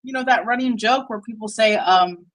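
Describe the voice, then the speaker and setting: A woman's voice: a little high, moderate pace, rough recording. Woman, streamer, casual live commentary, blunt, profane, rambling, laughs a lot, distracted. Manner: distracted while working on screen.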